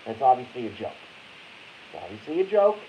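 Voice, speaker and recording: A very animated, brisk Boston man of medium pitch hosts a casual live stream, wandering off topic, cursing, and stopping himself mid-sentence. His audio is dull lo-fi with a faint hiss underneath.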